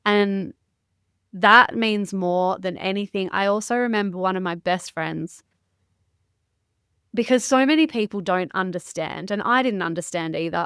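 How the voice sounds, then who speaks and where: A woman with a medium-pitched, fairly bright, clean voice speaks at normal speed in a dry recording. She's a mindset educator appearing as a podcast guest in a candid interview, talking openly and emotionally, close to tears, with some frank swearing.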